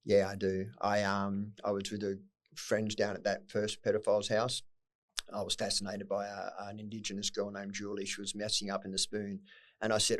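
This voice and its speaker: A man's voice: on the low side, flat delivery, quick pace. A middle-aged Australian man telling his life story as a podcast guest, blunt and swearing freely, with emotion breaking through at times. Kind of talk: candid personal storytelling.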